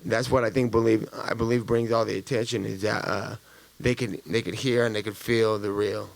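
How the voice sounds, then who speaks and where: A man's voice: on the low side, little pitch movement, moderate pace, gravelly. A man in his thirties answering press conference questions, blunt and profane, with loose street slang and rambling answers. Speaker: fighter at a post-fight press conference.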